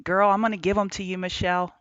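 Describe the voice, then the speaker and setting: A woman's voice: medium pitch, little pitch movement, fast, no echo. Woman hosting a trading stream, friendly chatter with chat, dry dull lo-fi sound. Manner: chatty, greets chat viewers by name. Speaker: trading show host. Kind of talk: casual livestream market commentary. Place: on the road, remote setup.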